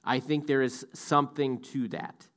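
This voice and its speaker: In a relaxed, conversational manner, a man teaches through the Bible verse by verse at an ordinary middle pitch. Occasionally he stops to correct himself with small asides.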